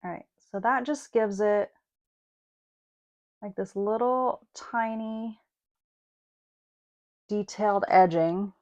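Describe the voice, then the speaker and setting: A woman's voice: medium pitch, slow pace, pauses often, darkish tone. A woman hosting a casual online card-making class, chatting as she works. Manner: chatty, thinks aloud while working. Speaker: craft class host. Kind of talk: casual craft demonstration.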